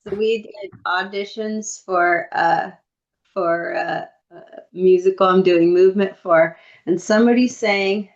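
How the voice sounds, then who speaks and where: A woman co-hosting a podcast in casual chat, telling lively stories and acting out what people said. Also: mid-range voice, unhurried. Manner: lively storyteller who acts out quotes. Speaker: podcast co-host. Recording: dull lo-fi recording.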